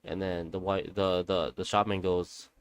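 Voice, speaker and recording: A man's voice: sits low, level tone, a little slow, clear, resonant tone, low-quality recording. A young man telling a family ghost story casually, rambling and often correcting himself as he goes. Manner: rambling, self-correcting, conversational.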